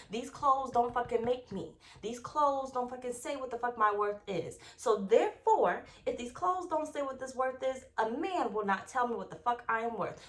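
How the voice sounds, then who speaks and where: A young adult woman talking straight to her viewers in a casual tarot reading. Her voice sits a little high, and she swears freely and loads each point with emphatic force. She rambles off on side stories and keeps checking in with "okay?". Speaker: tarot reader.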